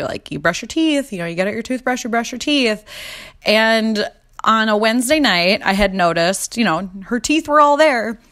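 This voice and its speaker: A woman's voice: medium pitch, fairly bright tone. A young woman in her twenties telling funny mom-fail stories in a casual confessional chat, laughing often and swearing freely. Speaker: mom vlogger.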